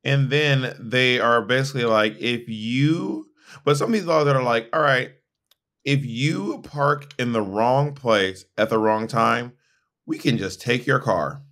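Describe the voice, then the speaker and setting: A man's voice: mid-range voice, unhurried, fairly bright tone. A man co-hosting a podcast in casual, opinionated chat, often restarting his sentences. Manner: chatty and opinionated, frequent restarts. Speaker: podcast co-host.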